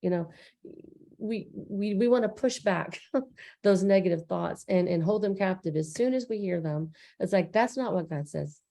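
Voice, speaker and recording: A woman co-hosts a relaxed recap conversation with a gravelly edge in her voice. Her tone is warm and mellow rather than bright. She speaks earnestly and loosely, with lots of fillers and restarts. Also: mid-range voice, normal speed. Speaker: co-host. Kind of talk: casual recap chat.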